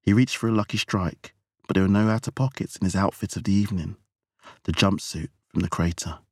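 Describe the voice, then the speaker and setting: A man narrating a novel with measured, even storytelling. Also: low voice, no room sound, studio quality. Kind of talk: audiobook narration.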